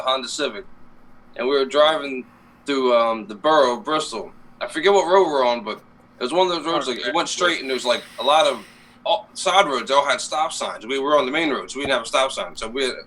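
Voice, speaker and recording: A man's voice: medium pitch, fairly bright tone. A young man co-hosting a casual live-stream chat show, telling stories animatedly and laughing often. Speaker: co-host.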